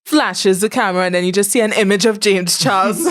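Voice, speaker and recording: A woman's voice: mid-range voice, a little fast. A woman co-hosting a podcast, casually brainstorming a comedic story with playful giggles. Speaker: podcast co-host.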